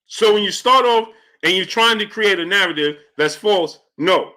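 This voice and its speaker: A man's voice: high-pitched, moderate pace, sharp tone. A man hosting a live stream, talking casually and emphatically, repeating his points and greeting his viewers.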